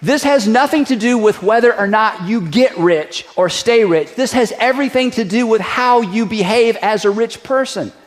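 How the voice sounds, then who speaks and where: A man's voice: high-pitched, moderate pace, hardly any pauses. A middle-aged male pastor giving a conversational, joking sermon. He piles up rhetorical questions and leads the congregation in a spoken declaration.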